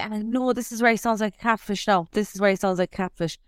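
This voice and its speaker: A young woman with an Irish accent tells a story in a lively, casual way, swearing as she goes. Her voice is smooth and clear and sits a little high. The sound is dry and close. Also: fairly quick, no room sound. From Ireland. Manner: animated storytelling, swears freely. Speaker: podcast co-host. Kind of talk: casual chat.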